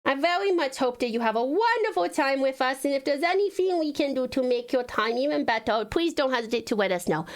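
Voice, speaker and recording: Woman, streamer, sugary baby-talk voice, giggly, very lively pitch. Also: brisk, few pauses. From Tasmania, Australia. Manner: put-on sugary baby-talk voice, doting endearments; giggly, chatty with viewers. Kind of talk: live stream chat.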